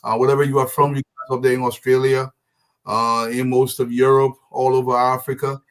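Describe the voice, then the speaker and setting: A man's voice: mid-range voice, level tone, a little fast. A man hosts a casual live show, greeting viewers by name in a friendly, rambling way with many fillers and restarts. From Liberia. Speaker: show host.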